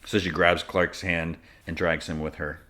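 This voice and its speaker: A man's voice: low-pitched, level tone, moderate pace, bright, forceful tone. A man hosting a podcast, recapping an episode in a rambling, casual way full of asides. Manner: rambling, many likes and asides. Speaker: podcast host.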